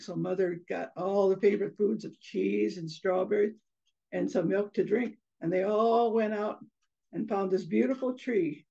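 A woman telling a children's story in an expressive oral storytelling style, slipping in Spanish phrases. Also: mid-range voice, creaky, slightly rough. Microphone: video call. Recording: slightly muffled online video call.

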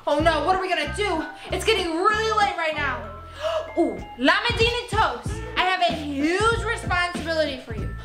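A young woman vlogger play-acting a birthday party with plush toys, gushing and excitable, full of gasps and "like". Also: high-pitched, echoey room. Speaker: vlogger staging a toy pet party.

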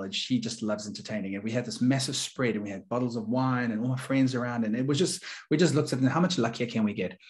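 Earnest man telling a story. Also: medium pitch. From South Africa. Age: middle-aged. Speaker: guest, leadership coach. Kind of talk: storytelling in an interview.

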